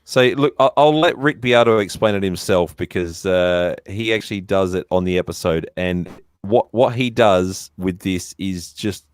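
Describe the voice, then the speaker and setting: A man hosts a casual livestream chat in a low voice. He sounds excited and keeps restarting his sentences. The sound is dry, with no room echo. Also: moderate pace, smooth. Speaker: livestream host.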